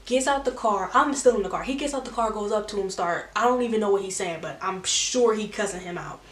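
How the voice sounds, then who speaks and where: A woman's voice: medium pitch, a little fast, recorded from a distance. A young adult woman telling a storytime in a chatty way, full of "like" fillers and restarts. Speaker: vlogger. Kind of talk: casual storytime. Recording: roomy echo, from the mic.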